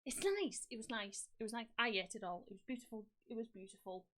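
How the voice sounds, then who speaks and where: A young adult woman hosting a casual podcast chat, telling animated stories with plenty of swearing. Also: medium pitch, fast, slight background noise. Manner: animated storytelling, frequent swearing and laughs. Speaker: podcast host.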